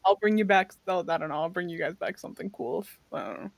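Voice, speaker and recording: A woman's voice: fairly low pitch, expressive, fast talker, vocal fry. A woman playing a tabletop game, chatty and playful. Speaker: player. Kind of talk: casual tabletop play.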